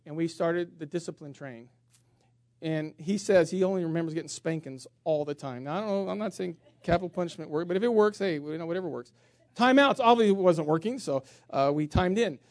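A man's voice: sits high, brisk, no room sound. A male pastor from the country preaching a sermon in a folksy, joking storytelling manner. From rural area. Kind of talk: sermon with humorous stories.

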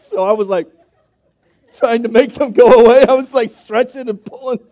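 High-voiced pastor telling folksy stories. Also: male voice, dark tone, some chatter behind. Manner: folksy, chatty storytelling with scripture read slowly. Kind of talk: storytelling sermon. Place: church sanctuary.

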